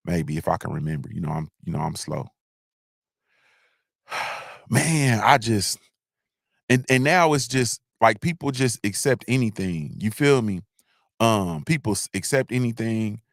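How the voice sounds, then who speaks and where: A man's voice: fairly low pitch, no echo, studio quality. A man hosting a livestream, talking in a loose, rambling monologue with slangy asides and many restarts. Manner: rambling, repeats himself, frequent restarts, slangy. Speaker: livestream host.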